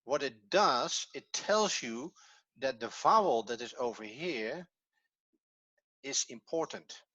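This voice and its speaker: Slow, bright-voiced man teaching online. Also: medium pitch, lively intonation, husky, dry recording, poor audio. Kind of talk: online language lesson.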